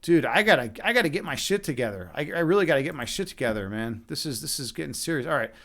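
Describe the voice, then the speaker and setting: Swearing, excitable Chicago man streaming chess. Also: on the high side, fast. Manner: animated, swearing, talks to chat while playing. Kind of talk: live-stream chess commentary.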